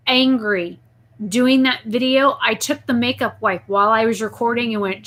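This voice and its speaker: A talkative young woman hosts a casual live stream, her voice sitting a little higher than most. She reads viewer messages aloud and launches into animated stories. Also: measured pace. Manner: chatty, reads viewer messages, talks to her pet snake in a soft baby voice.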